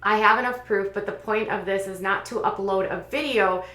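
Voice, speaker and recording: Woman, commentary host, conversational, reads posts aloud, fillers, middle pitch, echoey room. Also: steady tone, normal speed, a bit bright. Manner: conversational, recounting with frequent fillers. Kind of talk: reading out and commenting on online posts.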